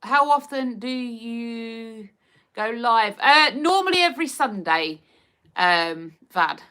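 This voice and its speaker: A livestream host from Hertfordshire, England, reads viewer comments aloud, chatting casually and giggling in her Hertfordshire accent. Her voice is fairly high, expressive and slow-paced, with a bright, forceful, clean tone.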